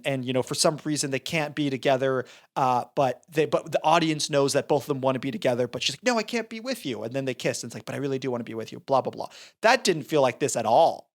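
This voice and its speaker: A man co-hosting a film review podcast, retelling scenes in a rambling, animated way with many restarts. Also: on the high side. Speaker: podcast co-host. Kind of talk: casual film review chat.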